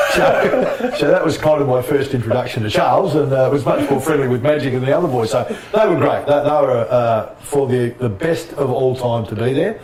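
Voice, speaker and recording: Guest spot: fast-talking middle-aged Australian man spinning animated sports yarns, voice slightly distant in an echoey room. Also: mid-range voice. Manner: animated anecdotes, laughs often. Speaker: former basketball player, guest. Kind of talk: casual storytelling interview.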